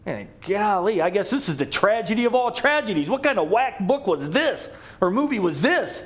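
A middle-aged man preaching from the pulpit with a high, lively voice that swings widely up and down. He tells the story playfully, with humorous asides and quick jokes. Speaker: pastor. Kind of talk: sermon.

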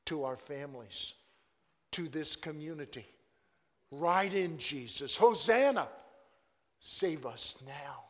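A male pastor preaching a sermon, swinging from hushed, low passages to loud, shouted exclamations. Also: in a large hall.

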